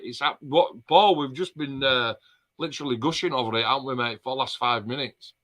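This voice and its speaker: A man co-hosting a relaxed live stream chat, full of banter and cheerful swearing. His voice is bright and forward, at a mid pitch. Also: normal speed. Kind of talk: casual chat.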